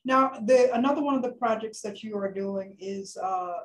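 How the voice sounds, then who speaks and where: A woman's voice: medium pitch, moderate pace. A woman hosting an interview, asking questions in a playful, teasing way and laughing often. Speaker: interview host. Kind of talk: casual interview talk.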